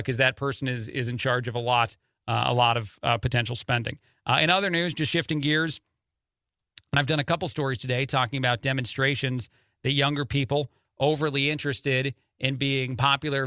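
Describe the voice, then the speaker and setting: A man's voice: medium pitch, bright, forceful tone, smooth, no room sound, clean studio sound. A man filling in as a talk radio host, giving opinionated commentary with lots of "uh" fillers and chuckles at the stories.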